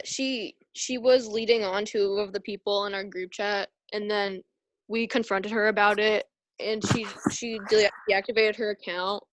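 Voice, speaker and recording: A young woman talks on a video call, hesitant and full of fillers. Her voice sits at a middle pitch, and the sound is dry and close. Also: no room sound, rough recording. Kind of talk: casual chat.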